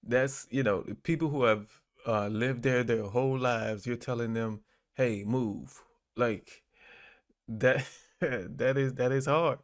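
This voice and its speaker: A man hosting a casual commentary channel, reacting to clips in a relaxed, chuckling, halting way. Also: medium pitch. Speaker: host.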